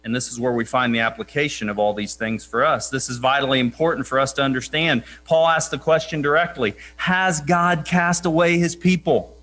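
A man preaching a sermon in a somewhat high voice. He is earnest and emphatic, slowing down to press key points and quoting scripture with weight. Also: sharp tone.

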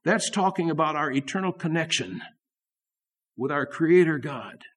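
An older man preaching in earnest, his voice sitting a little high for a man. He leans hard on repeated phrases and then falls back to quiet asides, in a steady pulpit cadence. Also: normal speed. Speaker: pastor. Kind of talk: sermon.

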